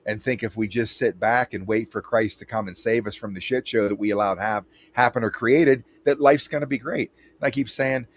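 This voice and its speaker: A man's voice: lowish voice, moderate pace, hardly any pauses. A man hosting an interview, talking bluntly and emphatically with frequent restarts. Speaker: interview host. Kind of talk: casual interview chat.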